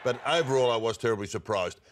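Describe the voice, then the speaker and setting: A man's voice: medium pitch, fast talker, noisy background. Australian man weighing in on sport. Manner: hesitant analysis with fillers. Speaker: sports show co-host. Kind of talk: studio sports talk.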